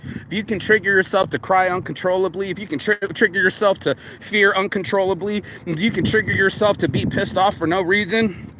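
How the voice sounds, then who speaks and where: A man talks outdoors in a yard, a casual motivational monologue that wanders from thought to thought. His voice sits a little high, and he swears freely. The outdoor recording carries clear background noise. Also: brisk. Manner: rambling, animated, swears freely. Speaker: vlogger.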